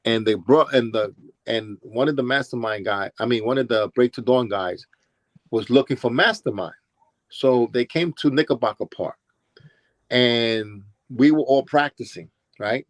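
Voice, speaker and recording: A man's voice: mid-range voice, unhurried, no room sound. A man with a New York accent telling rambling stories in an interview, often restarting and acting out what people said. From Brooklyn, New York. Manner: rambling, with restarts and acted-out quotes. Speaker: interviewee, former b-boy. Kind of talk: casual storytelling interview.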